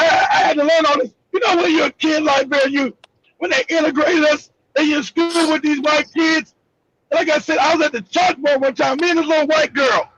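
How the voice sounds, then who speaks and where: Brief: male host, very high voice, loud profane shouting rants, muffled lo-fi sound. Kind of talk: heated live broadcast talk.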